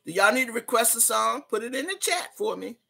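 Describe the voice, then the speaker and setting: A woman hosting a casual livestream, reading out viewers' comments with loud, rowdy laughter and party banter. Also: a little high, lively intonation, brisk, creaky, husky. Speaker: livestream host.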